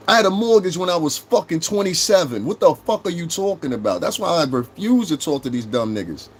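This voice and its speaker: A man's voice: on the high side, slight background noise. A man with a New York accent in his thirties, hosting a casual livestream, brash and profane as he talks straight to his chat. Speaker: livestream host.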